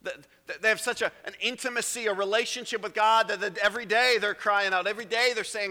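A man delivering an earnest sermon as pastor, dropping into hushed low phrases and then rising to emphatic raised ones. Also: fairly even intonation, a little fast, few pauses. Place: church sanctuary. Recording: long reverb of a church hall.

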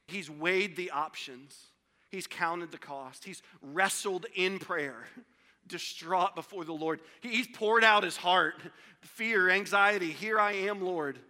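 A man preaching a sermon as a pastor, emphatic and repetitive, swinging between loud builds and hushed drops. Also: a little high. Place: church sanctuary. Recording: long hall reverb.

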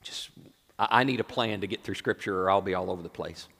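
Preacher swinging from loud to hushed in a reverberant hall. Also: male voice, sits low, fast talker, vocal fry. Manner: swings from loud exclaiming to hushed near-whispers. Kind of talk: sermon.

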